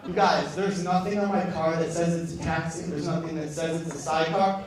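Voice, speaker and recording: A male stand-up comedian from Michigan, swinging between loud outbursts and soft mutters on a club stage. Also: a little high, fairly even intonation, brisk, a crowd in the background. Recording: echoey club, far mic, background noise.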